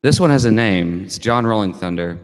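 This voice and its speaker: Deep-voiced man reading earnest spoken word. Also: animated, moderate pace. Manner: earnest, confessional. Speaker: open mic performer. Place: cafe performance space. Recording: hall reverb from live venue.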